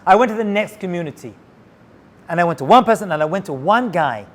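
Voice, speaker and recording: High-voiced rabbi telling a story. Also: male voice, fast. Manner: animated storyteller, sprinkles Hebrew and Yiddish terms. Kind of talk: storytelling talk.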